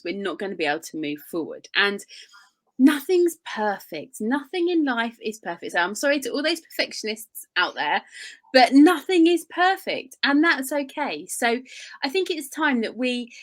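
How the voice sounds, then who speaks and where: A woman coach co-hosting a business podcast. She talks earnestly and leans hard on her points. Her voice sits a little high. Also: fairly bright tone. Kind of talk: casual business podcast chat.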